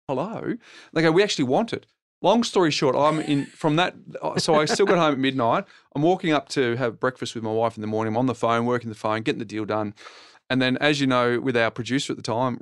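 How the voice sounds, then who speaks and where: A middle-aged Australian man spins an animated, rambling anecdote at a brisk clip, chuckling as he goes. His voice sits at an ordinary pitch and sounds close and dry, with no room around it. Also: dry recording. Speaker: podcast guest and TV property co-host. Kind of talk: casual storytelling conversation.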